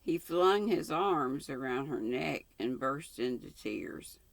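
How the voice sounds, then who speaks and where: An older Southern woman in her sixties reads a classic novel aloud in a homespun, folksy way. She drawls along slowly, her voice a bit gravelly. The sound is close and dry. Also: extremely low pitch, expressive, no echo. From North Carolina. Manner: folksy, unhurried, with colloquial sign-offs. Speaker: channel host reading aloud.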